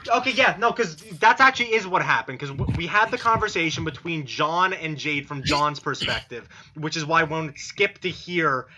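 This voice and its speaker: A man hosting a live stream, chatting excitably and reading a webcomic aloud with friends. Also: fairly high pitch, slight background noise. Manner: excitable, quick to explain. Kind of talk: casual chat while reading a webcomic aloud.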